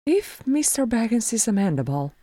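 A woman reading aloud, voicing a grave and poised dwarf noblewoman who speaks with quiet dignity. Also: on the high side, very animated, moderate pace, no room sound, voice pushed up. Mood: gracious. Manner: poised, stately.

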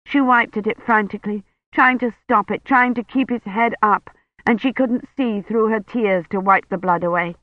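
A narrator reading an audiobook in a measured, unhurried storytelling manner. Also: mid-range voice, dry recording, highs cut off.

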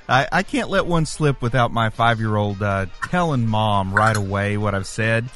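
A man's voice: lowish voice, expressive, moderate pace, music in the background. A man on a podcast, chatting casually and laughing along with short reactions. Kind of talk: casual chat.

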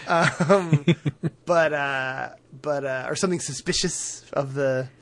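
Man, casual podcast chat, laughs a lot, fillers, somewhat high voice. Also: slow pace, a bit bright. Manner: laughs often, many fillers, acts out quotes. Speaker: podcast co-host recapping a cartoon.

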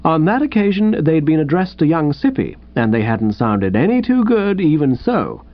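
A man reading a comic story in the first person, playful and animated, on a dull lo-fi recording. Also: a little high, moderate pace. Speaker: audiobook reader.

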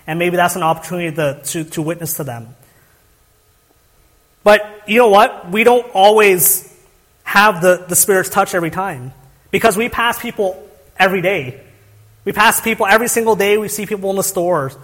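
A young man delivers an earnest sermon, asking his listeners rhetorical questions and often restarting his phrases. His voice sits high for a man. The sound carries a long reverb from a church hall. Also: normal speed, fairly bright tone. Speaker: pastor.

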